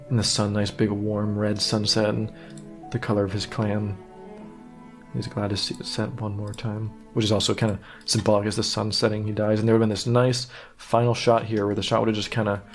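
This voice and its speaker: A man with a low voice speaks in a flat, level tone as he gives a casual director's commentary. His delivery is earnest and meandering. Faint music plays behind him. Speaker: director of an animated series.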